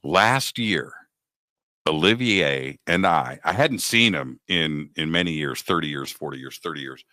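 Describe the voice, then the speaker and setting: A man in his sixties hosting a talk show, telling a story in a lively conversational way and acting out the people he quotes. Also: extremely low pitch, measured pace, no room sound. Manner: animated, acts out quoted dialogue. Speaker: radio show host.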